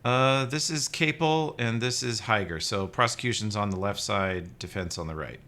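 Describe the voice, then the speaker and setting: A man narrating as game master of a tabletop game, wry and deadpan. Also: fairly low pitch, normal speed.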